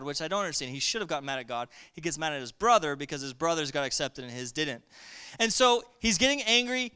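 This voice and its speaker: High bright-voiced energetic male preacher. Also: smooth. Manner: energetic, call-and-response with congregation. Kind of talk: sermon.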